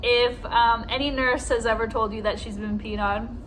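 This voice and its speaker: Bright, high-voiced chatty young woman. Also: steady tone, normal speed, a little hiss or hum, poor audio. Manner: chatty, giggly, acts out voices. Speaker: registered nurse. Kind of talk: casual anecdote.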